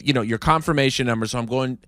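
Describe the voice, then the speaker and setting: A man co-hosting a comedy podcast, telling stories in an animated, jokey casual-chat way on a close mic. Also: medium pitch, no room sound. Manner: animated storyteller, quick jokey riffs. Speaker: podcast co-host.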